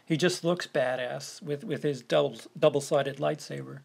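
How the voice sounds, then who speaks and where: Fairly high-pitched yet husky and gravelly, this man's steady voice belongs to a podcast co-host talking loosely about a movie. He halts frequently, repeating words as he hunts for the right phrasing.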